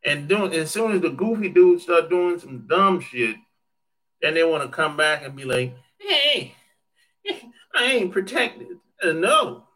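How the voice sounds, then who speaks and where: A man's voice: on the high side, moderate pace, a bit bright. A man chatting casually on a livestream, joking, swearing freely and laughing often as he answers viewer comments. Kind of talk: casual chat.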